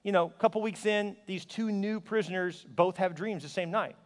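A man's voice: sits high, normal speed. A man preaching a sermon as a pastor, emphatic and exhorting, with playful asides. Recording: long reverb of a large hall.

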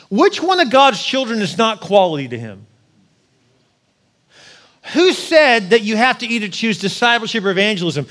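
A man in his forties preaching a sermon with personal stories, animated, joking with the congregation and rising to near shouts at his peaks. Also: high-pitched, fairly quick. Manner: jokes with the congregation. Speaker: pastor.

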